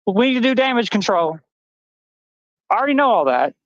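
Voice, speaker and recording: A woman's voice: fairly high pitch, very animated, no echo, lo-fi sound. Angry, swearing trans woman ranting. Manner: angry, swearing, rapid-fire accusations. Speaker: live stream panel guest. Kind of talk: heated rant.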